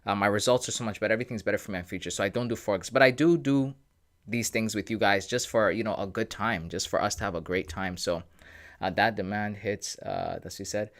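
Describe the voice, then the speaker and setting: A man's voice: on the low side, fast talker, a bit bright. A man hosting a casual trading livestream, laid-back and joking, with slangy talk as he reads viewers' comments aloud.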